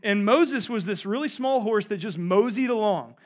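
A man's voice: high voice, moderate pace. A man in his thirties preaching a sermon in a conversational way, often asking his listeners "right?". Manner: conversational, asks the audience "right?". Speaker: pastor.

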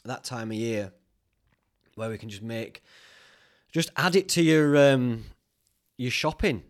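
A man's voice: mid-range voice, expressive, measured pace. A young man with a Northern English accent hosting a podcast, rambling through stories in a casual, chatty way and swearing freely. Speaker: podcast host.

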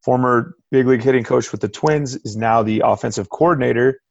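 A man's voice: medium pitch, brisk, vocal fry, no echo, muffled recording. A man in his thirties, a baseball coach answering on a panel in a reflective, conversational way.

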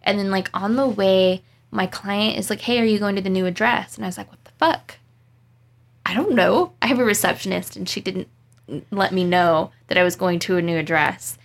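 Gravelly-voiced woman, casual podcast rambling. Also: medium pitch, fairly quick. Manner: profane, rambling storytelling with laughs. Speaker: podcast co-host, dog groomer. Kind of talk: casual chat.

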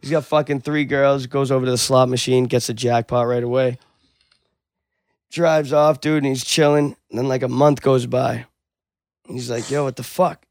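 A man's voice: mid-range voice, normal speed, no echo, clean studio sound. A man retelling a story in casual chat, acting out the dialogue with lots of swearing. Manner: animated storyteller, acts out dialogue, swears a lot.

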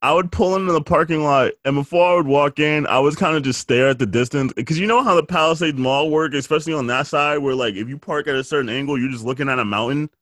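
A man's voice: on the high side, fast, few pauses, fairly bright tone, dry recording, clean studio sound. A man in casual chat who rambles, teases, and laughs often.

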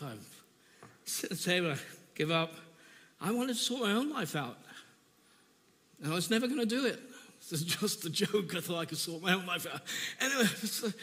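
Man preaching, earnest and emotional, bright forceful voice, somewhat high, long church reverb. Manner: earnest, emotional testimony with halting repeats. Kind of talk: sermon.

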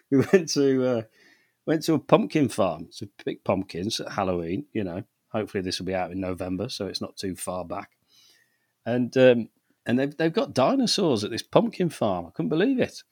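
Man, middle-aged, animated raconteur, dry close sound. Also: on the low side, fairly quick, breathy edge, no echo. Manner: sweary, animated storyteller who laughs often. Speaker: podcast co-host. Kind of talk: casual chat.

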